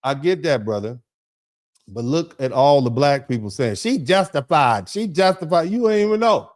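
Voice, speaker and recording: A middle-aged American man with a slightly high voice hosts a casual livestream. He reads out viewer comments and riffs on them with preacherly energy, sometimes dropping low and quiet to tell a story. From United States. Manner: animated, preacherly, acts out dialogues; drops to low, quiet tone when telling a personal story. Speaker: legal commentator host reading chat.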